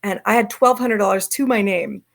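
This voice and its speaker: A middle-aged woman from Southern California, a guest telling her travel stories in lively fashion over a video call. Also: mid-range voice, a little fast. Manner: lively storyteller acting out quoted voices. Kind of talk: storytelling in an interview.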